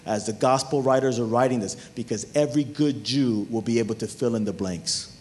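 A man preaching a sermon as pastor, animated and talking straight to his listeners, even humming tunes to make a point. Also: mid-range voice, brisk, slight background noise. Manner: animated preaching, talks to the crowd.

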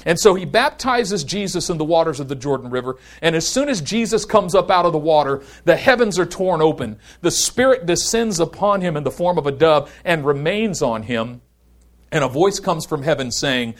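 High-voiced man preaching with fervor. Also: animated. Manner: emphatic preaching, slowing down to dwell on scripture; builds to higher, louder peaks on lists of words. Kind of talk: sermon.

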